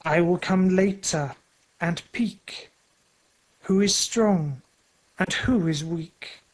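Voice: medium pitch, takes it slowly, low-quality recording. A narrator voicing a menacing wicked witch.

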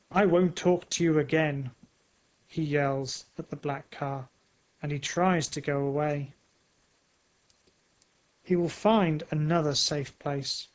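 A man narrating a simple storybook slowly and clearly. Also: on the high side, rough recording. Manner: slow, clear, simple phrasing.

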